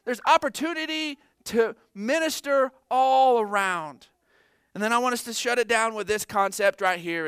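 A middle-aged male pastor preaching a sermon in a church, animated and joking with the congregation between points. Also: high-pitched, a little slow, clear, resonant tone, no room sound, studio quality. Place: church sanctuary.

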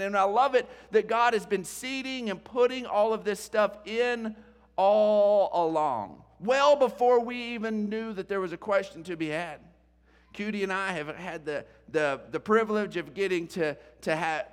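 A middle-aged pastor preaching a sermon, emotional and animated, moving between soft and loud. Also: male voice, sits high, long reverb tail. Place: church sanctuary.

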